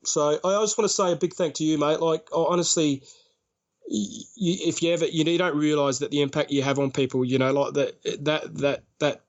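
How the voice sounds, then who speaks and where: A man's voice: fairly high pitch, steady tone, fairly quick, muffled recording. An Australian man, a podcast guest, rambling through a story and laughing often as he talks. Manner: laughs often while telling stories, rambling. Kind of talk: casual storytelling.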